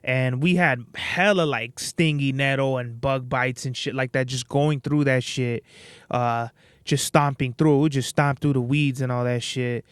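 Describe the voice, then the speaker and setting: A man's voice: mid-range voice, fairly even intonation, measured pace, clear, resonant tone, no echo, clean studio sound. A young man hosting a podcast alone, telling rambling, profane stories in a laid-back, casual way. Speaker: podcast host. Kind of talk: casual solo podcast monologue.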